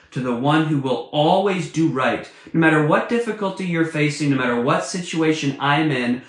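A man preaching a sermon, earnest and emphatic, repeating key phrases for stress. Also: mid-range voice. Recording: echoey room.

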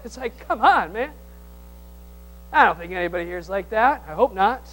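A male pastor preaching a sermon, swinging from loud exhortation to hushed tones, with teasing humor and call-and-response. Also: high voice, lively intonation, moderate pace, rough recording.

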